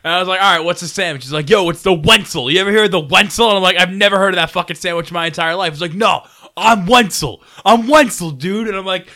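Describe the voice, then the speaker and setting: A man with a high voice tells friends a story in casual chat, talking very fast with few pauses. He's animated and swears freely, getting louder as he acts out drunk strangers.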